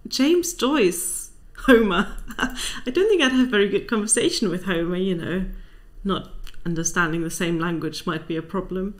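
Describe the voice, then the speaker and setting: A woman's voice: mid-range voice, normal speed. A young woman hosting a book channel, chatting casually and reading out viewer answers with wry, dry asides.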